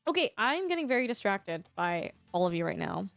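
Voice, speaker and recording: A woman's voice: medium pitch, big pitch swings, fairly quick, fairly bright tone, no echo, faint music behind. A woman streamer chatting casually with her live viewers, bubbly and effusive, laughing often.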